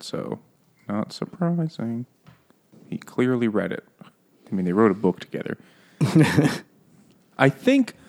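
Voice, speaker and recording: Gravelly low man joking around. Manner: joking, quick asides. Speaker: podcast co-host. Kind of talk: casual book club chat.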